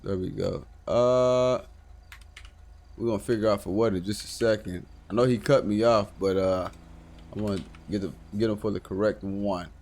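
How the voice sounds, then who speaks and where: A man casually commenting on a live game stream, talking to himself with swearing and sudden loud outbursts. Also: on the low side, fairly even intonation, moderate pace.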